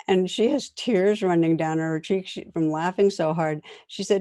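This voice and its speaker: A woman giving a dharma talk as a meditation teacher, gentle and reflective, often laughing softly as she tells stories. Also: low-pitched, moderate pace, few pauses, no echo, studio quality.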